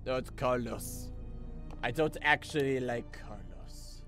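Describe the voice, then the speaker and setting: Streamer doing a bad fake Russian accent: hammy evil soldier, boastful, slow, broken English. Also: male voice, mid-range voice, music in the background, natural voice.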